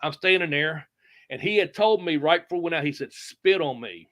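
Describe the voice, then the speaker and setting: A middle-aged man, a retired wrestler telling profane, animated stories with sound effects. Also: a little high, quick pace. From United States. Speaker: retired pro wrestler, guest. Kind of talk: casual storytelling interview.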